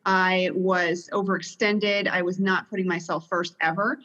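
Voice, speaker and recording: A woman's voice: lowish voice, steady tone, unhurried, a bit bright, lo-fi sound. A woman author guesting on a podcast, speaking in a conversational, reflective way with some hesitations. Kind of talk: casual interview talk.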